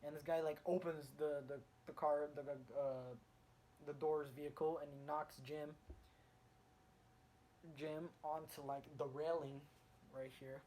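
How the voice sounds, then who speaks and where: A man with a fairly high voice talks through a comic book review, hopping from scene to scene with eager energy. He rambles, restarts his sentences, and leans heavily on fillers as he goes. A faint hiss of noise sits under his voice. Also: unhurried, pauses often, low-quality recording. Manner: excited retelling of the story.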